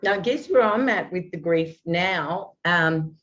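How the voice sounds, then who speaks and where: A woman's voice: fairly low pitch, expressive, unhurried, a bit bright, a little hiss or hum. A woman in her fifties, a guest talking earnestly and at length, with many restarts. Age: 50s. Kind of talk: open, heartfelt conversation. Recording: dull lo-fi audio.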